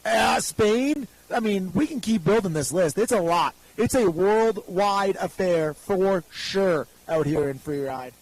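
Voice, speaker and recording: An upbeat male announcer calling a live freeride ski contest with quick, joking play-by-play. His voice sits high for a man. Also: lively intonation, dry recording, poor audio. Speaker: event announcer.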